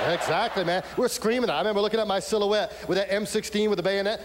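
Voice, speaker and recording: A man's voice: high-pitched, fast talker, hardly any pauses. A man preaching a sermon, telling stories animatedly and acting out the voices of the people in them. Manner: animated storytelling with acted-out voices and shouts. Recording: echoey hall with faint hum.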